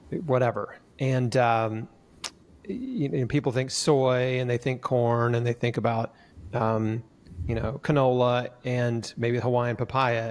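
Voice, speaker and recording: A man hosting an interview, relaxed, with fillers and self-corrections. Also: medium pitch. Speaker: host. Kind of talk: conversational interview.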